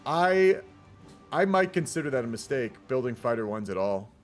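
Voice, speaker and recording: A man's voice: medium pitch, very animated, normal speed, faint music behind. Laid-back man rambling over a strategy game. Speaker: streamer casting a multiplayer strategy game. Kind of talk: casual live game commentary.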